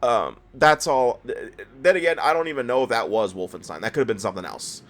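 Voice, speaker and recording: Just out of bed and tired, a man hosts a let's play, rambling and stammering through casual commentary on the game. He laughs, puts himself down, and speaks a little fast in a mid-range, fairly bright voice.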